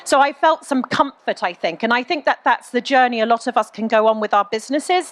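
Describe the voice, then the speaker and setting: A woman's voice: on the high side, a bit bright. A middle-aged woman telling her story in a frank, chatty way at an onstage Q&A, with lots of ums and you-knows. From England. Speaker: guest entrepreneur.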